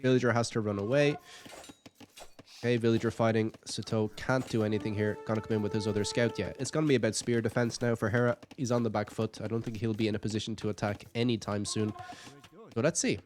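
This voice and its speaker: Low-voiced man casting a strategy game. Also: steady tone, fast talker, darkish tone, faint music behind. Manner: chatty, thinking aloud, light jokes. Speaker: game caster. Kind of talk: casual video game commentary.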